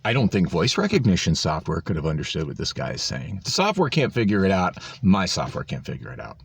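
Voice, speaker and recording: A low-pitched, creaky and husky voice swings hugely in pitch as this man speaks fast. He's a vlogger recording on his phone, ranting with sarcasm and exasperation about a store visit and swearing freely.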